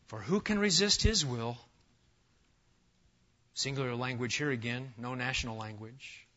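A man preaching an expository sermon to a congregation, animated and emphatic, firing rhetorical questions and talking straight to his listeners. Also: mid-range voice, a little slow, pauses often, dull audio. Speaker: pastor. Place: church sanctuary with a live congregation.

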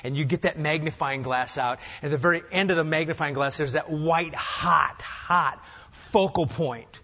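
A man's voice: fairly high pitch, steady tone, fairly quick, a bit bright, muffled recording. An older man from Nebraska preaching a sermon, firing off rhetorical questions with dry humor. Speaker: pastor.

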